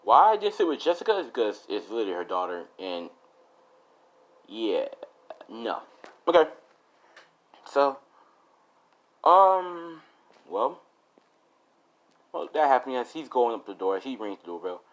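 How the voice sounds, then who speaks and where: A man's voice: mid-range voice, big pitch swings, unhurried, pauses often, low-quality recording. A man telling a fan story off the cuff, rambling with lots of fillers and offhand swearing. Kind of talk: casual spoken fan story.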